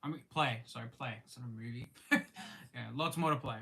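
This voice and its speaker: A young Australian man chats on a live stream from home, his voice bright and forward. He rambles and restarts often, with plenty of ums, and greets viewers by name in a friendly way. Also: medium pitch, vocal fry. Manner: rambling and halting, many ums and restarts, talks while eating. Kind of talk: casual live-stream chat.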